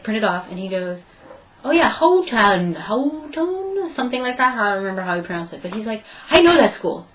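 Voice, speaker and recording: A woman's voice: mid-range voice, muffled recording, slight background noise. A young woman telling a story in a casual vlog update, chatting and acting out both sides of her conversations. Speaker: vlogger.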